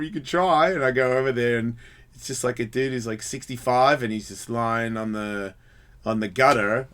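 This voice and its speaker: A man hosting a radio show, telling a story in a casual and lively way, swearing freely and acting out the other people's voices. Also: medium pitch. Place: radio studio.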